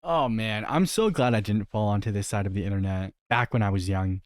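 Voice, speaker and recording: A man's voice: on the low side, fairly quick, dry recording, clean studio sound. A young man giving casual reaction commentary, critical and incredulous as he talks through a video.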